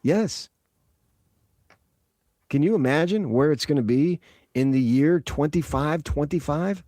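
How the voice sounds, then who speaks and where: A man's voice: fairly high pitch, measured pace, no echo, clean studio sound. A man from New Jersey hosting sports radio, joking and riffing in casual talk. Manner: joking, animated, riffing with laughs.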